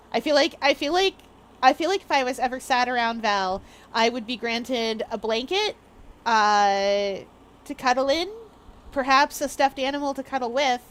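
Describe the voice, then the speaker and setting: A woman streamer chatting casually with her viewers, bubbly and rambling, laughing often. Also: fairly high pitch. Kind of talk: casual live-stream chat.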